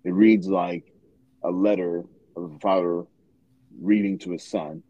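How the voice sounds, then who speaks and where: A man hosting a podcast, recommending a book in a halting way with many pauses. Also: low voice, a little mellow, husky, no echo, muffled recording. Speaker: podcast host.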